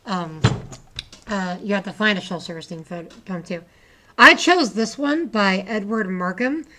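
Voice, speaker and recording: A woman's voice: mid-range voice, unhurried, pushed and bright. Chatty woman teacher explaining poems. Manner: chatty, with asides and frequent restarts. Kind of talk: explaining a class assignment.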